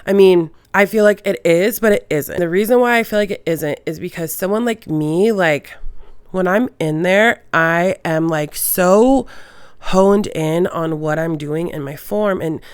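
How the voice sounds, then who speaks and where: A woman's voice: lowish voice, unhurried, smooth, no room sound. Young female host, casual and profane storyteller; dry, close sound. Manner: swears freely, animated retelling with quoted voices. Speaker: podcast host.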